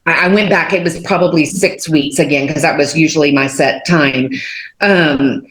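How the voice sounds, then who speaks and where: Guest, woman in her 40s from Texas, low voice, lively storyteller, recorded in a reverberant room. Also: normal speed. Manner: animated storyteller, many fillers, acts out quotes. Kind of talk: telling a personal faith testimony. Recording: roomy echo.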